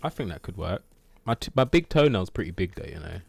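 A man's voice: sits low, sing-song, fairly quick, creaky, breathy edge. A man streaming gameplay, muttering to himself and swearing in frustration. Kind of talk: casual live gameplay commentary.

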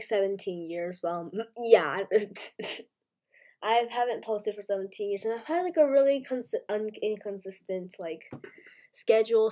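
A young woman hosting a casual gameplay chat, hoarse and scratchy from being ill, rambling and apologetic with many ums and likes. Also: mid-range voice, dark tone. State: hoarse from illness, coughing. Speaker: gaming channel host.

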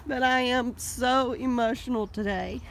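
Woman, middle-aged, slow pace, higher voice, teary and sniffly, heartfelt, casual walking vlog. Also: steady tone, fairly bright tone, slight background noise. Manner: tearful, heartfelt. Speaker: vlogger on a walk.

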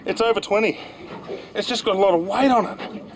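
An Australian man hosts a fishing show from a small boat on open water, chatty and excitable, his voice sitting a little high. Water and boat noise run clearly behind him on this outdoor recording. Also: fairly quick. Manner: enthusiastic, chatty, exclaims and laughs.

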